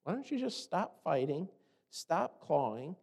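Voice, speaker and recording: A man's voice: a little high, sing-song, measured pace, gravelly, a little mellow, in a large hall. A man preaching a sermon in a conversational way, asking rhetorical questions and acting out the complaints he quotes. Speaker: pastor.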